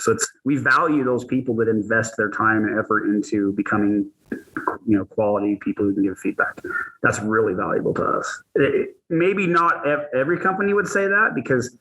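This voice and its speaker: Bright-voiced man telling a story. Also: fairly low pitch, muffled recording. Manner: animated anecdote teller, quick bursts. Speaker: guest, athlete and ambassador manager. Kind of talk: casual storytelling interview.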